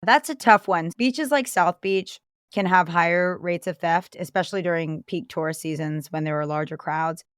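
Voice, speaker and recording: Earnest woman with a lowish voice. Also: moderate pace, smooth, no room sound, clean studio sound. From Florida-based. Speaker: guest giving travel safety tips. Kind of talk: conversational advice.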